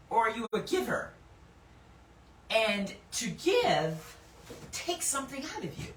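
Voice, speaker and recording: Animated woman teaching scripture, echoey room. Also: on the high side. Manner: animated, laughs often, slows down to read scripture with emphasis. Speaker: Bible teacher and host. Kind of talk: casual Bible teaching. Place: indoor room. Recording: echoey room, mic at a distance, faint background noise.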